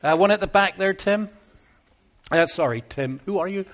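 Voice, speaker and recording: An Englishman with a Devon accent preaches at a church service that is both live and streamed. His voice sits high and fairly bright, and he moves at a normal speed. His tone is joking and conversational.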